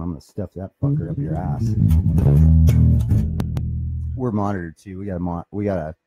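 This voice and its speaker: A man's voice: low voice, warm tone, breathy edge. A man who runs a guitar shop, talking in a rambling, profane and boastful way. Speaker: guitar shop owner and bassist. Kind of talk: casual comedic monologue.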